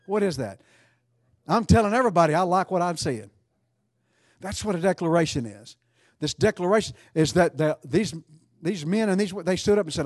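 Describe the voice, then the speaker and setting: A man's voice: sits high, animated, normal speed, pauses often, no echo, studio quality. A man preaching a sermon, emphatic and repeating phrases for effect.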